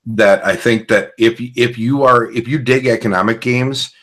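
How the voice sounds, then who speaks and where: A man's voice: mid-range voice, steady tone, normal speed, fairly bright tone. A man hosting a podcast, chatting casually and explaining game rules at length. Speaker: podcast host. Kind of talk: casual rambling chat.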